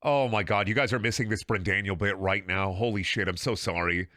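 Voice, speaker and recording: A man's voice: lowish voice, a little fast, pushed and bright, no room sound, studio quality. A man streaming a video game, talking in a sarcastic, rambling, profane way with frequent laughing and repeated words. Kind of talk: casual game livestream commentary.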